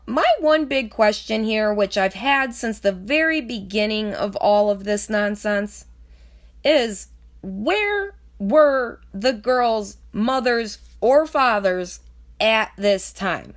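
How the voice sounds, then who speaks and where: A woman with a slight lisp and a somewhat high voice reads news passages aloud. She cuts in often with skeptical, sarcastic remarks in a casual home-commentary tone. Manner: skeptical, sarcastic asides between read passages.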